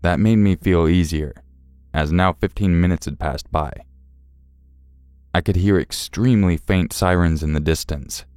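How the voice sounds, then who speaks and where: Very deep-voiced man narrating horror. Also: measured pace, darkish tone, no room sound, studio quality. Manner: tense, dramatic storytelling. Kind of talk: scripted first-person horror narration. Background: faint music.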